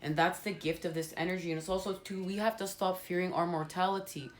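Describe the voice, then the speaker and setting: Earnest low-voiced woman tarot reader. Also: steady tone, fast talker, a little hiss or hum. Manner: earnest and passionate, rambling. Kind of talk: spiritual card reading monologue. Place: at home.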